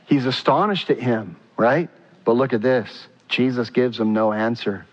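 A man's voice: measured pace, in a large hall, highs cut off, a little hiss or hum. A man preaching a sermon as pastor, emphatic and fervent, putting direct questions to his congregation. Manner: emphatic, rising to a high, fervent pitch at key points.

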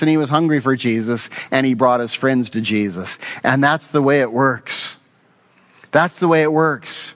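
Earnest male pastor preaching. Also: a little high. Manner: earnest, emphatic preaching with repeated phrases. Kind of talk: sermon.

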